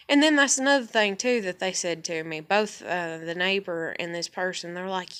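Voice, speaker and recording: A woman's voice: fairly low pitch, moderate pace, hardly any pauses, a bit bright, clean tone. Blunt, profane woman venting to camera. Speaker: vlogger. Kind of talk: casual rant to camera.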